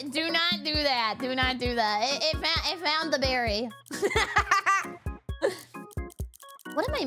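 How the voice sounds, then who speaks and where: A woman streamer giving playful, excitable commentary while she plays a game, breaking into yelps and giggles. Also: fairly high pitch. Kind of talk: casual gameplay commentary.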